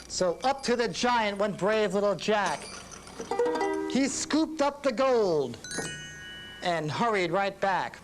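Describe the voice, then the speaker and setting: Male music teacher reading a children's rhyme, slow, very lively pitch. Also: rough recording. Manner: sing-song rhyming, slow. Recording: reading with instruments playing.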